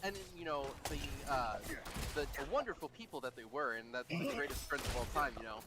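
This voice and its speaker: A young man from Missouri, a streamer casually telling a story over his game, animated, swearing and laughing as he talks. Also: mid-range voice, fairly quick, background noise. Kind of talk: casual storytelling while gaming.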